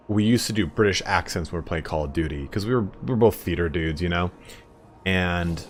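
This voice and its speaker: A man's voice: sits low, fairly bright tone, a little hiss or hum. Chatty young man streaming a game. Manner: rambling, chatty, swearing freely, filler words. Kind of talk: casual live-stream chat.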